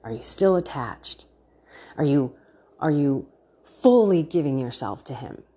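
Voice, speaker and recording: A woman's voice: low voice, animated, a little slow, warm tone, breathy edge. A woman hosting a faith podcast, talking in an earnest, chatty way and laughing often. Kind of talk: casual faith podcast talk.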